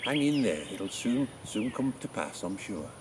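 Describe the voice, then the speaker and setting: An actor with an English accent playing the playwright Shakespeare, chattily teaching how to write a sonnet. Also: male voice, medium pitch, big pitch swings, a little slow, noisy background. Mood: friendly teaching. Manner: chatty, explains things with homely examples. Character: William Shakespeare, chatty old male playwright. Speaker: writing teacher. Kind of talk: in-character writing lesson.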